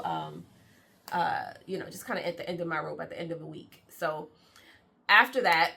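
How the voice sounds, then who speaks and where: A woman's voice: mid-range voice, bright, forceful tone. A woman co-hosting a parenting vlog, talking casually and upbeat, often laughing. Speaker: vlog co-host. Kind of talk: casual chat.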